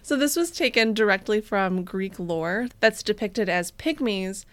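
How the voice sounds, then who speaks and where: A woman's voice: medium pitch, animated, unhurried, dry recording. Woman podcast cohost, joking around, laughing a lot, dry close sound. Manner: joking, storytelling, laughs often. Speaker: podcast co-host. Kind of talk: casual chat podcast.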